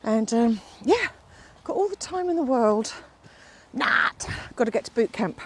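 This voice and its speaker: Her phone recording a casual vlog, a middle-aged fitness instructor huffs up a steep hill outdoors, talking on and on and fussing fondly over her dog. She sounds slightly high, with wide pitch swings, a moderate pace, and a mellow, breathy quality.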